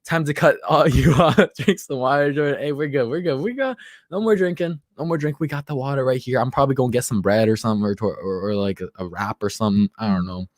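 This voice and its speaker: This livestream host is a man in his twenties who sounds a bit tipsy as he jokes around loosely and reads out comments from chat. He talks fast in a mid-range, slightly mellow voice, and the audio is dry and studio quality.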